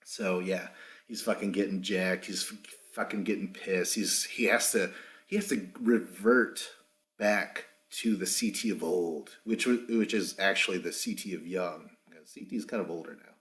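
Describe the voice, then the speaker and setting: A man's voice: low voice, normal speed, fairly bright tone. A man hosting a casual podcast recap without a proper microphone, rambling, swearing freely and acting out what others said. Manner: rambling, profane, acts out quotes. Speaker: podcast host.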